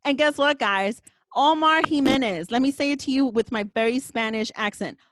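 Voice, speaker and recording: A woman's voice: high voice, normal speed. A woman hosting a podcast, talking in a passionate, emphatic way and swearing now and then. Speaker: podcast host. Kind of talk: casual podcast conversation.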